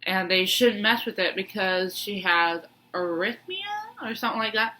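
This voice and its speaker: A woman's voice: mid-range voice, normal speed, bright, forceful tone. A woman with a stuffy nose from sneezing, telling a personal story in a rambling way with lots of fillers and restarts. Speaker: vlogger.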